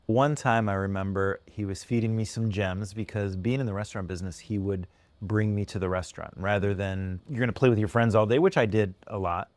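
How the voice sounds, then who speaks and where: A man co-hosting a podcast who tells animated stories and laughs often. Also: fairly low pitch, brisk. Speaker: podcast co-host. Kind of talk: casual storytelling chat.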